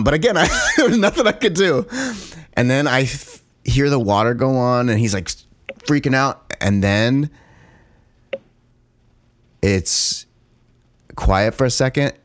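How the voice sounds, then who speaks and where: A man with a fairly low voice, recorded close and dry with no room sound. He is a podcast co-host telling a story in loose, casual talk, swearing freely and breaking into laughs at his own tale. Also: unhurried, long pauses, no room sound.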